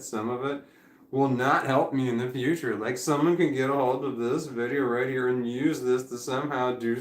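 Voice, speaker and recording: Drowsy, rambling man in an echoey room. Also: medium pitch. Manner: drifting, candid, swears often, laughs between thoughts. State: drowsy and foggy. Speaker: vlogger. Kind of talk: rambling live stream monologue. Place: indoors at home.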